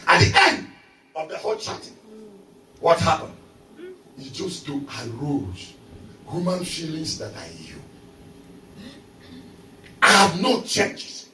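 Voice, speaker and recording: A man preaches in a fairly high voice, animated and often breaking into shouts as he tells stories. He sounds a little distant, in an echoey hall, and a congregation is heard responding. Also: slow pace, long pauses, slight background noise. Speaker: visiting pastor. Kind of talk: sermon with humorous storytelling.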